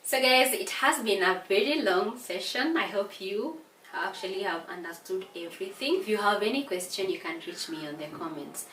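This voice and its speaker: A tired woman from Kenya teaching an English revision lesson, speaking slowly and repeating words to stress their syllables. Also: medium pitch, animated, fairly bright tone. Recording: echoey room from a distance, faint hiss.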